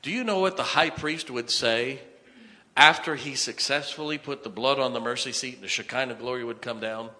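A man preaching a sermon with fervor, repeating lines for emphasis and swinging from quiet to loud. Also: mid-range voice, moderate pace. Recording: long hall reverb.

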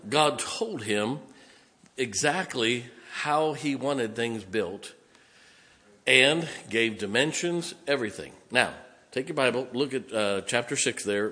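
A man's voice: mid-range voice, bright, forceful tone. A male pastor preaching a sermon in a church, reading scripture aloud and explaining it with emphatic, direct address to the congregation. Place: church sanctuary. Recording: long reverb of a large hall.

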